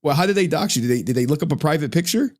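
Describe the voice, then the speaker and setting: A man's voice: a little high, animated, racing, darkish tone. A male streamer in a casual, profane rant to his viewers, slangy and often laughing.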